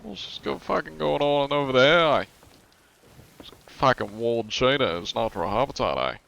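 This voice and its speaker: A man's voice: mid-range voice, lively intonation, normal speed, vocal fry, a bit bright, pitched above the performer's own voice. A man putting on a laid-back stereotypical Australian bloke with an Australian accent who drawls, swears and ends lines with "eh".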